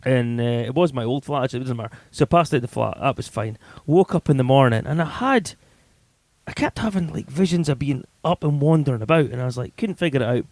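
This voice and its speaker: A man co-hosting a chatty podcast, spinning loose, profane stories about nights out. His voice sits at an ordinary middle pitch. The sound is close and dry. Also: expressive, quick pace, darkish tone, no room sound. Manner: swears freely, loose storytelling with acted quotes. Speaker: podcast co-host. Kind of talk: casual chat, anecdotes.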